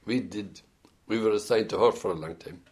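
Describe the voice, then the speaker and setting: Deep-voiced older Irish man reminiscing. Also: brisk. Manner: rambling anecdotal storytelling, hesitant restarts. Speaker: interviewee, former band musician. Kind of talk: oral history interview.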